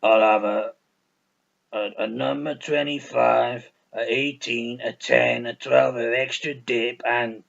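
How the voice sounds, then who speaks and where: A big hungry gangster drawls out a long food order, number after number, in a lazy, unhurried way, as a man puts him on. The recording is a little dull. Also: medium pitch, steady tone, vocal fry, fairly bright tone, heavily acted. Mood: greedy.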